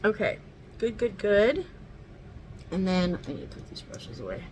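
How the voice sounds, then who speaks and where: A woman's voice: medium pitch, sing-song, a little slow, a little hiss or hum, low-quality recording. A woman chatting casually through a makeup tutorial at home, rambling and swearing now and then. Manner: talks sweetly to her dog. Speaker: makeup vlogger.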